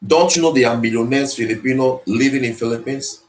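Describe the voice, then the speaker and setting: Motivational speaker, man, mid-pitched, preachy and repetitive, in an echoey room. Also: brisk. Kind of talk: motivational speech. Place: speaking to an audience in the Philippines. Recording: roomy echo.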